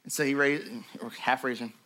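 A man teaching a sermon as pastor, telling stories in a lively conversational way with frequent asides to his listeners. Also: mid-range voice, fairly quick, a little hiss or hum. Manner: animated storytelling, conversational asides.

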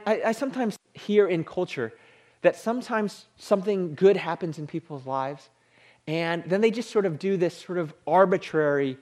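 A man preaching a sermon, animated, sinking into a hushed low voice on the holy words. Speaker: pastor.

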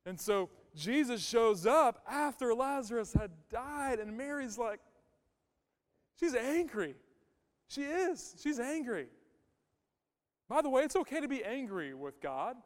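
A man's voice: very high-pitched, very animated, measured pace, long pauses. A male pastor giving a conversational sermon, emphatic and repeating his key phrases. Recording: long hall reverb.

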